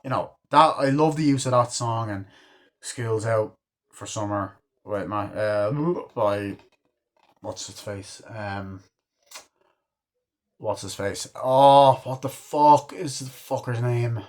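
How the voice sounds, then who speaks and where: A man's voice: mid-range voice, steady tone, slow. A man giving a casual, enthusiastic film review, rambling with lots of fillers and swearing freely. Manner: rambling, profane, lots of fillers like "you know" and "like"; enthusiastic fan. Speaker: movie reviewer.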